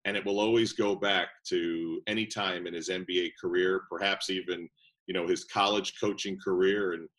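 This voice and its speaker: A man with a fairly low voice tells stories in a relaxed interview. He works as a radio play-by-play announcer and tells his anecdotes with lively energy, acting out the people he quotes. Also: normal speed, low-quality recording. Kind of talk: casual interview storytelling.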